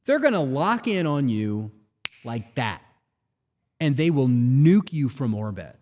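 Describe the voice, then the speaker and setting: Animated ranting male host. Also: mid-range voice, slow pace, long reverb tail. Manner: animated, ranting, rhetorical questions. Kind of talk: live show monologue.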